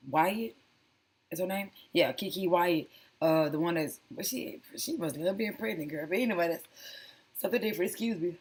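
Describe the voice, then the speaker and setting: A woman's voice: low-pitched, slightly rough. A woman hosting a casual reaction commentary, chatty and sassy, calling viewers honey and girl. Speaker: commentary channel host.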